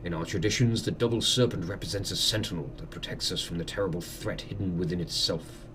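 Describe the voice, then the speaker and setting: A man voicing a formal male lord of a manor, speaking slowly in a measured, courtly way. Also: low-pitched, steady tone, background noise, pitched below the performer's own voice, natural voice. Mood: solemn. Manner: slow, measured, courtly speech.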